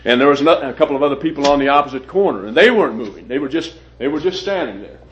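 A man preaching a sermon and telling a personal story, halting and often repeating his words. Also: medium pitch, animated, slight background noise. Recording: dull lo-fi recording.

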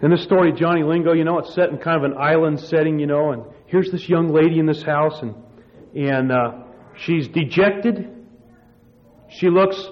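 A man with a fairly high voice preaches a sermon, recounting a story in a loose, rambling way with frequent restarts. The recording sounds dull and lo-fi.

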